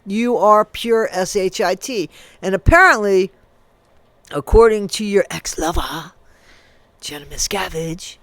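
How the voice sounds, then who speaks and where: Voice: medium pitch, a bit bright, dry recording. Heated ranting commentator, dry close sound. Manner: heated, accusing, addresses the subject directly; spells out swear words letter by letter. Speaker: commentary video creator.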